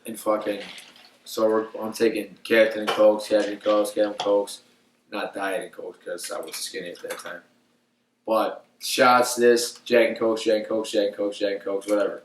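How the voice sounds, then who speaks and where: A man's voice: fairly low pitch, fairly even intonation, moderate pace, distant mic, slight background noise. A young man telling a long story on a podcast, rambling with lots of swearing and filler words. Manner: rambling, profane, full of "like" fillers. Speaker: podcast co-host. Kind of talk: casual storytelling. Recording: echoey room, off mic.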